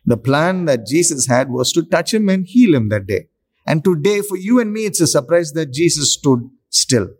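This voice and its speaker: A man preaching a sermon, slow and emphatic, with long pauses for effect. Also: fairly high pitch, animated, a little mellow.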